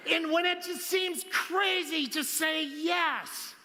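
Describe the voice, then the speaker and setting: Excitable speaker, man, high voice, keeps cracking himself up; big hall echo. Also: slow pace. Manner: laughs often, animated and excitable. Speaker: conference speaker. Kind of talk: storytelling keynote talk. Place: large conference hall.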